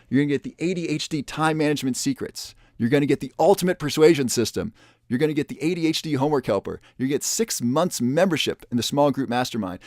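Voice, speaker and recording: A man presenting a webinar and making an upbeat sales pitch, repeating the offer with urgency. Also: darkish tone, dry recording, studio quality.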